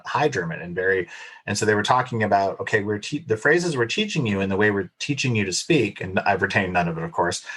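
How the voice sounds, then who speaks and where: A man from Oklahoma talks casually as a podcast guest. His voice sits low, and he tells his stories in an easy, chatty way. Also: a bit bright, breathy edge. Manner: chatty storyteller, puts on a rural drawl in quotes. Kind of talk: casual chat.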